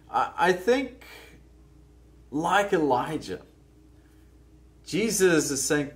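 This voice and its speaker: A man's voice: medium pitch, sing-song, measured pace, pauses often. A man preaching a sermon in a conversational, musing way, often restarting his phrases. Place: church.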